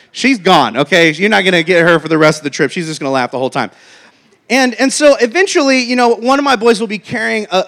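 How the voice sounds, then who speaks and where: A man with a notably high voice preaches in a loose, chatty manner. He tells his story with jokes and asides, keeping the sermon conversational. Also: fairly bright tone.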